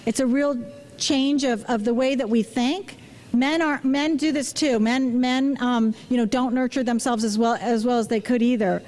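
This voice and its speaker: A woman's voice: fairly high pitch, fairly even intonation, normal speed, a little mellow. A woman, a physician, giving a public talk and asking the audience questions, with many restarts and "you know" fillers. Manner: engaging, asks the audience questions.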